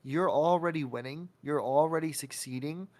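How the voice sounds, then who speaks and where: A man's voice: a little high, moderate pace. A man hosting a podcast interview, talking casually and giving an encouraging, motivational pep talk. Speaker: podcast host.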